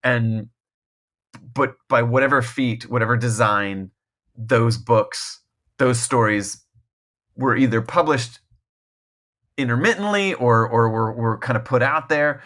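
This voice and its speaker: A man's voice: medium pitch, slow pace, long pauses, a bit bright. Rambling man, full of "like"s and restarts. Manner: laughs often mid-thought. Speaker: guest author. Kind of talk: casual podcast conversation.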